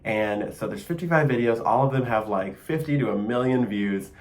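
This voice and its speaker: A young man with a Michigan accent hosts a casual solo podcast, speaking at a moderate pace in a medium-pitched voice. He's chatty and enthusiastic, using plenty of fillers and small laughs.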